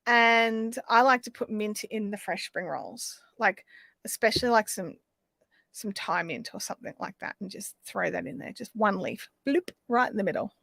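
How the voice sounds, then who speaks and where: A woman's voice: mid-range voice, normal speed, creaky, fairly bright tone, no echo. An Australian woman hosting a live craft stream, chatting casually and rambling as she reads out viewer comments.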